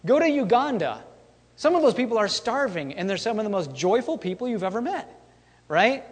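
A man's voice: sits high, sing-song, brisk, breathy edge. A man preaching a casual sermon as a pastor. He talks conversationally, repeats his key lines and keeps checking in with "okay?" and "all right?". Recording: long reverb of a church hall.

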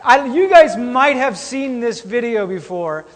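A man's voice: very high-pitched, lively intonation, unhurried. A man preaching a sermon in a casual, chatty way, bantering with his congregation. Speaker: pastor. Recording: long hall reverb.

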